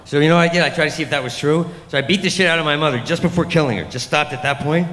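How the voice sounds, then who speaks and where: A middle-aged man works a comedy club stage, rambling and self-deprecating as he lurches into loud put-on voices. His voice sits a little high for a man. The handheld mic picks up a roomy club with a long reverb tail. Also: racing, few pauses. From New York. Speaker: stand-up comedian. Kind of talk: stand-up comedy set.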